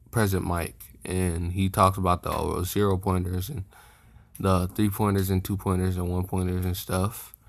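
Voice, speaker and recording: A young man casually retelling a fan story, rambling with many fillers and self-corrections. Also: deep voice.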